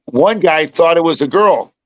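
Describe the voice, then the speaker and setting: A man's voice: on the high side, animated, normal speed, highs cut off. An older man from Chicago, a podcast host telling stories in a rambling way, with many restarts and repeats. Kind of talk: casual chat.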